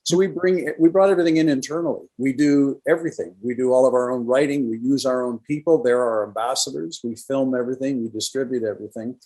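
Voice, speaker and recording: A retired radio professional, an older man, appears as a podcast guest in a casual interview conversation, enthusiastically telling stories with quoted dialogue. His medium-pitched voice is steady and mellow, racing along with hardly any pauses. The recording quality is rough.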